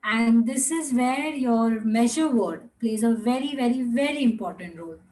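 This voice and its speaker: High-voiced woman teacher drawing out words. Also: warm tone, poor audio. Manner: patient, repeats words slowly and stretches tones; mixes in another language. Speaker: language teacher. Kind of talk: online class lecture.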